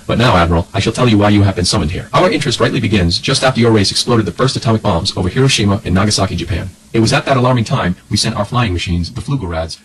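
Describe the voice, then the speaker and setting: A man voicing an aged male master of a hidden inner world, speaking softly in a warm, rich, melodious tone. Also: fairly low pitch, slight background noise, lightly acted, rough recording.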